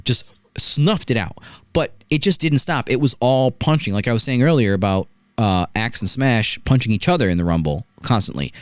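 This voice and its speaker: A man hosts a wrestling review show and talks with a lively, swinging pitch. His voice sounds dry and close to the mic, with very little room sound. He tells the action as a story and keeps checking in with rhetorical asides. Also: normal speed, clean tone, no echo. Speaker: wrestling podcast host. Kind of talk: casual review chat.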